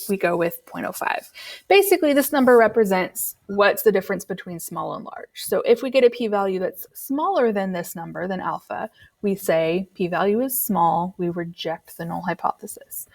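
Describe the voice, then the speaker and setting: A woman walks students through a statistics lesson in a patient, chatty teaching voice. Her pitch sits at an ordinary middle height for a woman. She explains each step plainly, with the odd um as she goes. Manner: patient, explanatory, uses fillers like um. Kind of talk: recorded classroom lesson.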